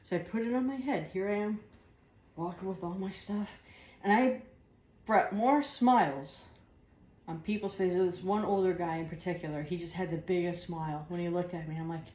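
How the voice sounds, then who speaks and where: A home cooking vlogger with a mid-range, slightly mellow voice chats casually at normal speed while cooking and tasting food in her kitchen, rambling from one thought to the next. The recording is echoey, with faint household noise.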